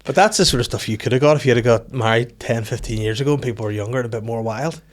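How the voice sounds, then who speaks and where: Fast-talking Northern Irish comedian. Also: male voice, mid-range voice. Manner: rapid storytelling, acts out voices. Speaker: podcast host. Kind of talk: casual comedic chat.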